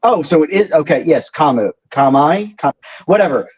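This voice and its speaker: A man's voice: a little high, animated, moderate pace, darkish tone, slightly rough, highs cut off. A man co-hosting a podcast in casual chat, easygoing and wry as he explains things. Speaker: podcast co-host.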